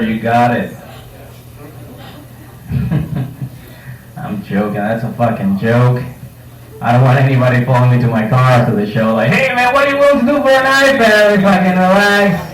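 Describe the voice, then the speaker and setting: Crude stand-up comic in a roomy bar. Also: male voice, mid-range voice, darkish tone. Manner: crude, joking, acts out voices. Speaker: stand-up comedian. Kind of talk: live stand-up set. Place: comedy night in a bar. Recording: roomy bar room, mic heard from a distance, faint noise.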